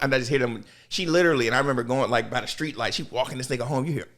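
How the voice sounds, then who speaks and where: A young man, a podcast host, telling a story in casual talk and jumping into high voices for the people he quotes. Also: racing, few pauses, a bit bright.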